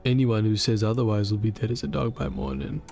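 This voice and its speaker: A man's voice: lowish voice, fairly even intonation, fairly quick, vocal fry, a little mellow. A man putting on a sneering thug survivor. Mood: menacing. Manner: sneering, taunting, streetwise slang. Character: menacing thuggish male survivor, boastful and threatening.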